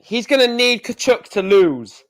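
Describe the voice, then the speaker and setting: A man's voice: very high voice, sing-song, unhurried. A man hosting a darts live stream, reading out scores in a chatty, exclamatory way with mild swearing.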